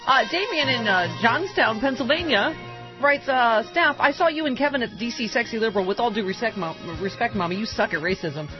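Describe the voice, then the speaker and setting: A woman hosting a political talk radio show, bantering fast with lots of restarts and laughs. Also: on the high side, expressive, lo-fi sound, music in the background. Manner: quick, laughing, restarts a lot.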